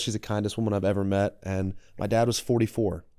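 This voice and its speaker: Smooth-voiced young man, heartfelt. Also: on the low side, flat delivery, fast, dark tone, no room sound, studio quality. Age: 20s. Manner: open, heartfelt, reflective. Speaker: podcast guest. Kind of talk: emotional personal storytelling.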